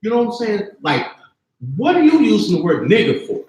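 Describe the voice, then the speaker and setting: A man's voice: high voice, huge pitch swings, fairly quick, noisy background. A man in his fifties, speaking from the audience at a campus panel. He talks with passion, swears freely and keeps asking whether he is understood. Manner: passionate, profane, keeps asking "you see what I'm saying". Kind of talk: impassioned spoken comment. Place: campus event hall. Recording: very echoey live room.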